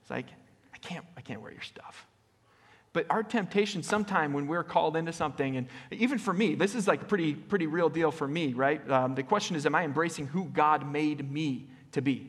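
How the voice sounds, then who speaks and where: A man preaching a conversational sermon as pastor, often checking in with the congregation with a quick "right?" and restarting his phrases. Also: on the high side, fairly bright tone. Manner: casual, with frequent "right?" tag questions and restarts. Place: church sanctuary. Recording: long reverb of a church hall.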